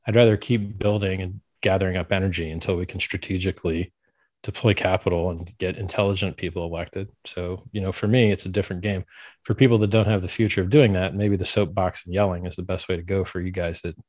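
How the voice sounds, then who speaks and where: A blunt man talks as an interview guest, voicing strong opinions in an unhedged way. His voice sits very low, and the recording is dry with no room sound. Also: steady tone, fast talker, a little mellow, no echo. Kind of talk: casual interview talk.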